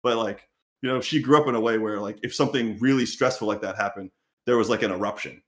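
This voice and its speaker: A man's voice: on the low side, fast, reverberant. A man hosting a podcast in casual chat, telling stories animatedly and acting out what people said. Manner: animated storytelling, acts out quotes. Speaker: podcast host.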